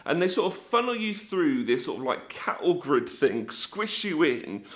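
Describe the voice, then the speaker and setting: A man gives a church talk as a vivid storyteller, acting out scenes and making sound effects. His voice sits fairly high with a bright, forceful edge. His pitch leaps up and down all the way through. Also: very animated, normal speed. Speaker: church speaker.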